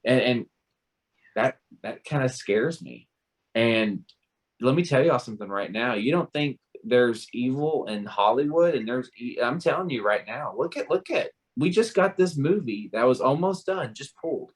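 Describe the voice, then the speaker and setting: A man's voice: mid-range voice, expressive, normal speed, breathy edge. A man, talking passionately and emphatically in a casual panel discussion, often restarting his sentences. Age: 20s. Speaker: panel co-host.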